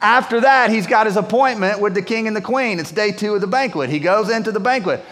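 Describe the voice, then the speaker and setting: A male pastor tells a story from the pulpit in a casual, slangy way. His voice sits fairly high. A long reverb from a large church hall hangs on his words. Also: brisk, fairly bright tone. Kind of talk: sermon.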